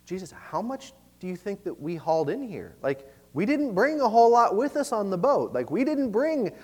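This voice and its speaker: A man's voice: sits high, sing-song, normal speed, darkish tone, voice pushed up. A man preaching, voicing worried disciples as anxious, pleading men who question their teacher. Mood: doubtful. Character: worried, reasonable male disciples, adult men. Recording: long reverb of a large hall.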